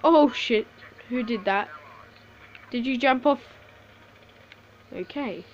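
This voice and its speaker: A woman giving casual live commentary over a shooter game, swearing a lot, laughing often and reacting excitably. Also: on the high side, slow, lo-fi sound, a little hiss or hum. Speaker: gameplay commentator.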